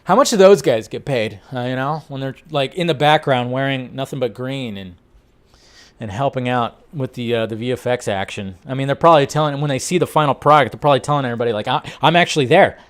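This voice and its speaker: A man's voice: medium pitch, fast. A man hosting a casual film news show, chatting loosely and breaking into bursts of disbelief. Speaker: host.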